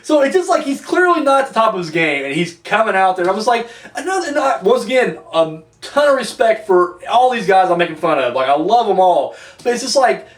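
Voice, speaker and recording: Man reviewer, loose and profane, lively high voice, recorded far off in an echoey room. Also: fairly quick, few pauses. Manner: rambling, profane, lots of fillers. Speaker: wrestling reviewer. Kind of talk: casual rambling review. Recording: echoey room, mic at a distance.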